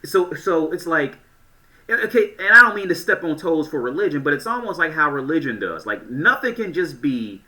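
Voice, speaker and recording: A man's voice: a little high, big pitch swings, moderate pace, pushed and bright. A man giving casual reaction commentary in a blunt, crude way, often stammering and restarting his sentences.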